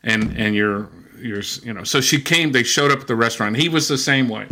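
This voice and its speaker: An older man, a linguist and former missionary, telling stories in an interview in a relaxed, rambling way full of restarts and fillers. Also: mid-range voice, brisk. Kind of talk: casual interview storytelling.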